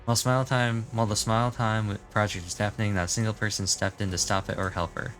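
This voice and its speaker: A man's voice: lowish voice, level tone, fast, fairly bright tone, faint music behind. A man streaming his reaction to a game, musing casually and reading the story text aloud.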